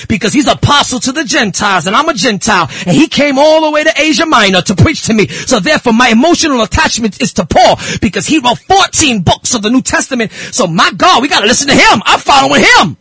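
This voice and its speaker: High husky-voiced fervent radio preacher man. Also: big pitch swings, quick pace, few pauses, pushed and bright, dry recording, studio quality. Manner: fervent, repeats phrases, rhetorical questions. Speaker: radio show host preaching. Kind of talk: impassioned radio sermon.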